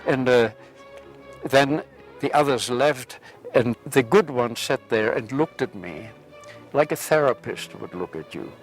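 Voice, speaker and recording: Czech guy in his 70s, english w/ accent, earnest testimony, middling pitch. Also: unhurried, soft background music. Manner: earnest, retells with quoted dialogue. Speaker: interviewee. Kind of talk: personal testimony.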